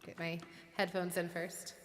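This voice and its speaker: A woman's voice: fairly low pitch, level tone, unhurried, slight background noise. A woman hosting her own live music stream, chatting casually with viewers, giggly and full of fillers.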